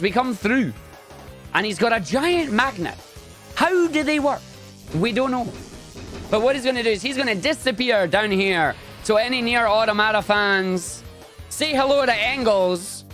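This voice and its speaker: A man giving chatty, excitable, jokey live commentary on his own speedrun. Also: sits high.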